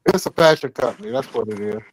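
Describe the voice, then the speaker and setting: A man's voice: medium pitch, expressive, fast, slight background noise, rough recording. An older man co-hosting a talk show, telling stories in a blunt, profane, joking way. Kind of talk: casual banter.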